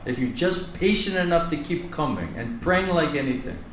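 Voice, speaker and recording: A monk delivers a spiritual class, stretching his repeated words slowly for weight. His voice sits a little high for a man. It is recorded from a distance in a reverberant hall with a faint hum of ambience behind him. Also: expressive, fairly bright tone. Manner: earnest, drawn-out emphasis on repeated words. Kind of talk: sermon. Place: lecture hall in India. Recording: echoey room from far off, faint ambience.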